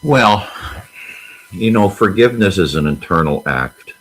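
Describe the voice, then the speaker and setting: A man's voice: sits low, lively intonation, a little slow, fairly bright tone, slightly rough, poor audio. A man speaking as a guest on a talk show, with a plainspoken, folksy manner.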